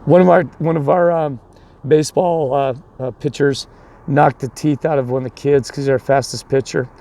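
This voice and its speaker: A man with a mellow, fry-heavy voice tells a rambling story about coaching, stumbling over restarts and acting out the people in it. He then shifts into preaching. His tone stays low and gravelly throughout. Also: steady tone, moderate pace. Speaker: youth baseball coach.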